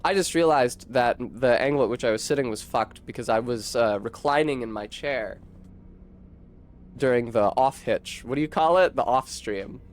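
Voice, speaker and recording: A man's voice: mid-range voice, moderate pace. A young man streaming a game, chatting casually, swearing and correcting himself as he rambles. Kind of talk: casual gameplay commentary.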